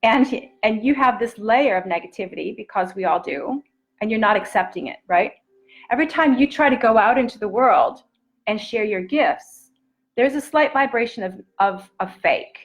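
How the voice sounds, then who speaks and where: A self-love coach gives a live-streamed motivational talk, earnest, intimate and encouraging, often dropping to a soft near-whisper. Her voice is on the high side and expressive at a moderate pace, and the recording is rough.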